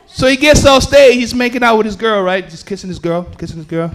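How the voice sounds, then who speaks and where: A man telling a story on a comedy club stage, swinging between loud bursts and low asides. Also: fast, hardly any pauses. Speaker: stand-up comedian. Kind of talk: stand-up storytelling.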